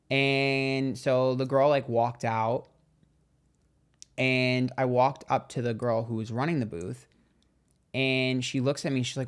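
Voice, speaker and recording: A man's voice: mid-range voice, steady tone, moderate pace. A young man hosting a livestream tarot channel, telling stories in a chatty, gossipy way and swearing freely. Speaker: tarot reader and livestream host. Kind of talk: casual livestream chat.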